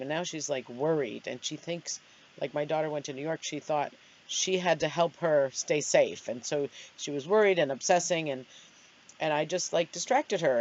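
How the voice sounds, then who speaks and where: A woman's voice: sits low, a little mellow. A middle-aged woman hosting her own vlog, chatting casually and rambling in a self-deprecating way. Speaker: vlogger host. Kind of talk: casual chat. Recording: dull lo-fi sound.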